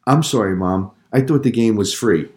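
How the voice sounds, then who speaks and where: A man's voice: on the low side, normal speed, darkish tone, natural voice. A man voicing a guilty, tearful ten-year-old boy in a read-aloud story. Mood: apologetic.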